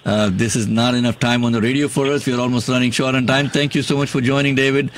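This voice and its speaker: A man's voice: medium pitch, little pitch movement, fast talker, a little hiss or hum. A man with a non-native accent hosting political talk radio, talking in a blunt, emphatic, opinionated way. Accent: non-native English accent. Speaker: radio talk show host.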